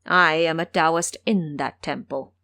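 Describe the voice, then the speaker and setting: A woman's voice: low voice, fairly even intonation, a little slow, sharp tone, no room sound, clean studio sound. Woman doing a fake hurt old taoist guy, demon underneath, whimpery pleading voice, audio drama. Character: demon disguised as injured old male Taoist.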